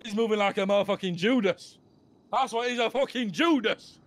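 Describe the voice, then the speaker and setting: A man's voice: high voice, a little fast, natural voice. A man voicing a hot-headed young male crew boss in a game role-play, ranting and swearing. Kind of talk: GTA role-play voice chat.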